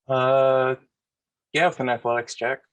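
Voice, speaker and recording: A man running a tabletop game as game master, giving rulings in a relaxed, matter-of-fact way. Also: medium pitch, measured pace, clean tone.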